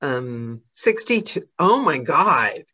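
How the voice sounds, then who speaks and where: A woman's voice: deep voice, big pitch swings, slow, bright, forceful tone, slightly rough. A woman hosting a podcast interview, chatty and self-deprecating. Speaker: podcast host and narrator. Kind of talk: casual interview chat. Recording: slightly dull lo-fi audio.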